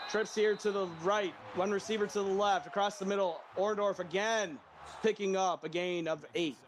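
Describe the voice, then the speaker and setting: Man, play-by-play caller, high voice, jokey, laughs a lot, shouts on big plays, noisy background. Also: fairly even intonation, normal speed. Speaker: play-by-play commentator. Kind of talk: casual stream game commentary.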